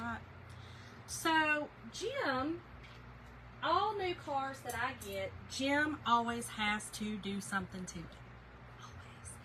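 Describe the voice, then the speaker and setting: A middle-aged woman, hosting a craft livestream and telling stories to viewers in an animated, laughing way. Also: fairly high pitch, a little hiss or hum, low-quality recording. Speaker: craft segment host. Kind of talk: chatty livestream storytelling.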